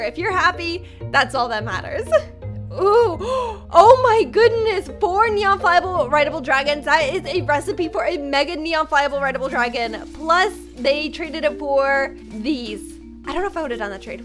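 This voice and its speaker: Bright, high-voiced gushing woman host. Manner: gushing, gasps a lot. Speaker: gaming video host. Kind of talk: excited reaction commentary.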